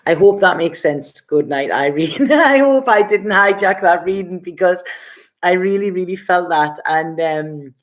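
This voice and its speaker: A woman's voice: lowish voice, expressive, unhurried. A woman giving a casual live-stream tarot reading, chatty and rambling, laughing often between thoughts. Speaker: tarot reader.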